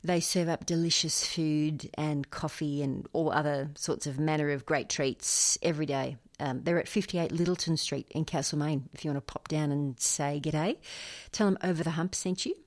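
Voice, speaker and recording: A woman's voice: deep voice, steady tone, normal speed. An Australian woman hosting a community radio show in a chatty, casual way with easy fillers. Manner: chatty, with fillers and light laughs.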